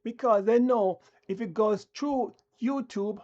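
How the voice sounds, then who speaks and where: Slow, combative live-stream ranter. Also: mid-range voice, darkish tone, muffled recording. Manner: combative, preachy, talks down to viewers. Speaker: channel host.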